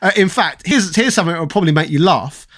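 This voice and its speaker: A man with a London accent chats to his live-stream audience, reading comments aloud and riffing on them. His voice sits notably high for a man. His delivery is loose and rambling, full of quick asides. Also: lively intonation, a bit bright. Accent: London English. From London, England. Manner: rambling, chatty, reads chat aloud and riffs with quick jokes. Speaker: streamer chatting with live chat. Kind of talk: casual live-stream chat.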